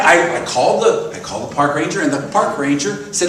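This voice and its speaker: Speaking a little fast with few pauses, this sixty-something minister has a voice on the high side, with a little hiss or hum in the recording. His sermon in the church sanctuary is animated and full of stories and questions for the congregation, captured with roomy echo from a far-off mic.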